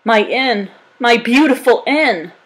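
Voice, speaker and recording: A woman voicing a fussy, fearful lanky male innkeeper, in a high-strung, wailing manner. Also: moderate pace, slightly rough, close to an everyday voice, low-quality recording.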